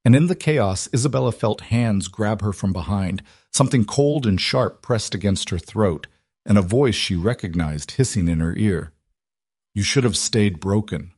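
Brief: male audiobook narrator, steady dramatic storytelling, low pitch, dry booth sound. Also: normal speed, breathy edge, no echo.

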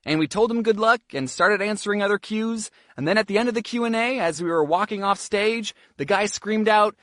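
A young man narrating a scripted comedic storytime with deadpan jokey asides. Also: sits high, moderate pace, few pauses, dry recording, studio quality. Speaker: storytelling YouTuber.

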